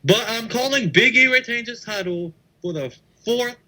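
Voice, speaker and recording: Lively bright-voiced man, blunt banter. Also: very high voice, normal speed, poor audio. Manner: blunt, teasing, swears casually. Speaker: podcast co-host. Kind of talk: casual podcast chat.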